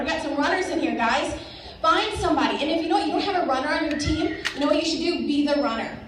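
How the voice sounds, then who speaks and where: A woman's voice: sits high, a little hiss or hum. A woman, giving an emphatic motivational speech to a crowd at a sales event. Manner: rallying, emphatic, addresses crowd directly. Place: large event hall. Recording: echoey hall recorded from far off.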